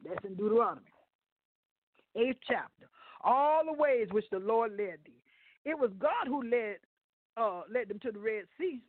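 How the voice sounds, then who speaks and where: A man's voice: sits high, expressive, moderate pace, pauses often, no echo. Male guest preacher, folksy radio sermon, thin phone-line sound, dry. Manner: folksy, stumbles over words, talks to the listeners.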